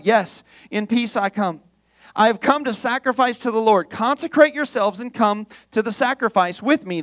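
A man's voice: high voice, a bit bright, no echo. A man giving a sermon as a guest pastor, telling the story playfully and acting out the characters' voices.

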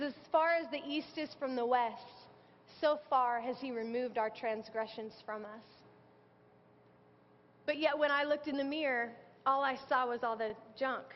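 Female preacher in her thirties, high voice, earnest and chatty delivery, sermon recorded in a big echoing church with a muffled sound. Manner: earnest, conversational preaching with scripture quotes. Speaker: speaker sharing testimony. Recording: dull sound with long hall reverb.

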